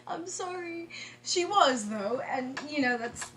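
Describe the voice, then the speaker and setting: A woman vlogger telling a story in a casual, excitable way, laughing often and restarting her sentences. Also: high-pitched, slow, slight background noise.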